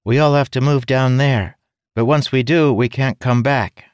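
A man voicing a small winged creature with a high, eager voice. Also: steady tone, normal speed, smooth, no room sound, clean studio sound, close to an everyday voice.

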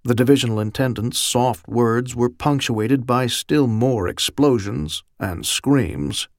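A man giving steady, measured audiobook narration on a close studio mic. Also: mid-range voice, no room sound.

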